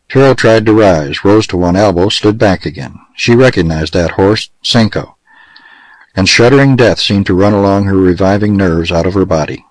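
Male audiobook narrator, low voice, dry close recording, steady western storytelling. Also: normal speed, no room sound, rough recording.

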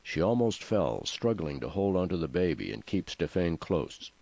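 A low-voiced man narrates an audiobook, letting his pitch rise and fall freely. The recording is dry and somewhat muffled. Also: normal speed, vocal fry, no room sound. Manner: expressive storytelling.

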